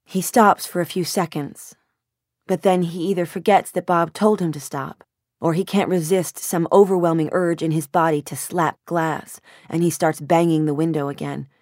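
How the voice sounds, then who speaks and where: A woman narrating a first-person audiobook in a measured, introspective way. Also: low voice, steady tone, a little mellow, dry recording, studio quality.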